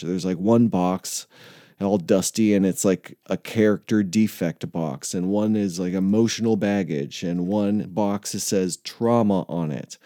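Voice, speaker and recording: A man's voice: lowish voice, dark tone, dry recording, studio quality. A man hosting a podcast, talking in a loose, casual monologue, swearing freely and laughing often. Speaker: podcast host.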